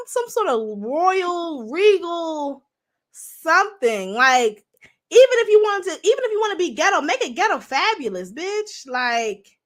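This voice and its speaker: Young woman livestream host; high, bright voice; blunt, profane, chatty commentary aimed at viewers.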